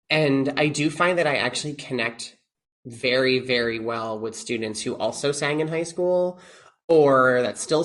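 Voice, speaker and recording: A man who teaches oboe, a guest in a casual podcast interview, talking animatedly, quoting what he tells his students, with frequent restarts. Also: mid-range voice. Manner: animated, quotes himself to students, many restarts.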